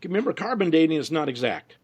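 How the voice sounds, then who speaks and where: A man's voice: fairly high pitch, sing-song, quick pace. A man being interviewed, talking casually and telling stories, often quoting people he met. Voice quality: gravelly, husky. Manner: storytelling, quoting others in voices. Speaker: interview guest, researcher.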